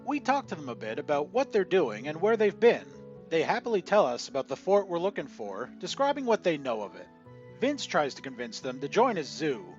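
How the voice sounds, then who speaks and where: A man narrating a scripted tabletop gaming story in an animated storytelling manner. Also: a little high. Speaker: channel narrator. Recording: dull lo-fi audio with faint music.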